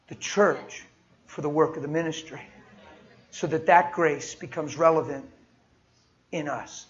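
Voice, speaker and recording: A man preaching a sermon and telling personal stories, speaking emphatically and swinging from soft, quiet moments to loud, forceful passages. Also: a little high, fairly even intonation, unhurried, pauses often, highs cut off.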